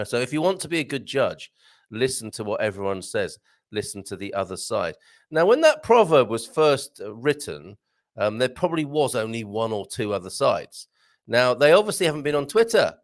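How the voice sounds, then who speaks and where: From a green-screen home studio, an easygoing British live-stream host with a gravelly mid-range voice chats animatedly and reads viewer comments aloud. He rambles, chuckles a lot, and tries Portuguese phrases slowly.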